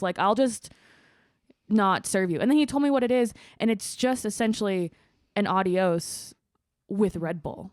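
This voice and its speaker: A woman's voice: mid-range voice, normal speed, no room sound, clean studio sound. A woman and bartender chatting on a podcast, telling bar stories and acting out customers with laughs. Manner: animated storyteller, acts out customers with laughs. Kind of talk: casual chat.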